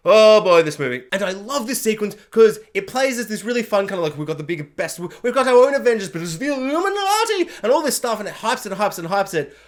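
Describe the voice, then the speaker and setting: A man with a high-pitched voice rambles through an excited film review. He talks in rapid bursts and keeps slipping into goofy voices.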